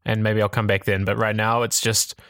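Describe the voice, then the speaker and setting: A man co-hosting a casual tech podcast, giving strong opinions with quick laughs. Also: on the low side, little pitch movement, a bit bright, clean tone, no room sound, clean studio sound. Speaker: podcast co-host.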